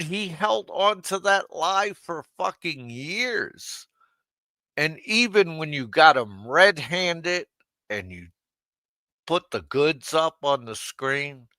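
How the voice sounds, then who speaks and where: Slow gravelly man ranting on a stream. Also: on the high side, pushed and bright, no echo. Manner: mocking and profane, laughs at his own jabs; talks straight to an absent listener. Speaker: livestream host. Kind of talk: unscripted livestream rant.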